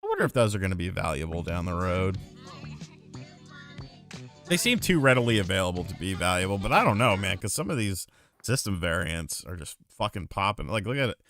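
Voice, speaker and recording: A man's voice: low-pitched, brisk, faint music behind. A man hosting a casual livestream chat, reading donations and teasing his co-hosts. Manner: animated, teasing, swears freely. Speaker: host.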